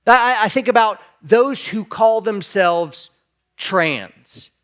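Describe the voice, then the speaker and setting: A male pastor delivers an impassioned sermon in a church sanctuary. His voice sits noticeably high for a man. Now and then he acts out imagined replies in a raised voice. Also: expressive, takes it slowly, a bit bright.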